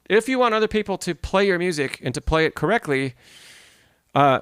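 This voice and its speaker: A man's voice: on the high side, no room sound. Dry-sounding male piano teacher. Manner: explanatory, reads and answers chat, sings rhythms. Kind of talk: live-streamed masterclass.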